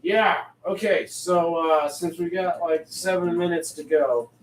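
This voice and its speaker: Man, high voice, playful quips, roomy room, off-mic, faint hiss. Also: measured pace, distant mic. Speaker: co-host. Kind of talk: casual live-show banter.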